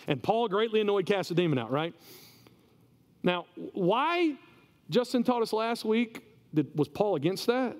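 Male pastor preaching, lively swooping voice, conversational, repeats words, echoing church hall. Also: sits high, normal speed. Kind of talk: sermon.

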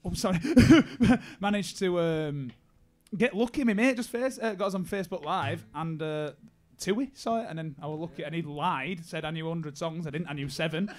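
A man's voice: on the high side, normal speed, a little mellow. A young man with a northern English accent, a singer chatting casually and laughing at himself. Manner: laughing, self-mocking banter. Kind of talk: casual chat.

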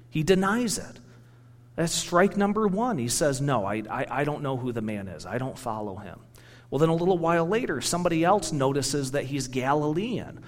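A middle-aged man, a pastor, giving a sermon in a conversational, storytelling way with personal anecdotes. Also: a little high. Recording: reverberant hall.

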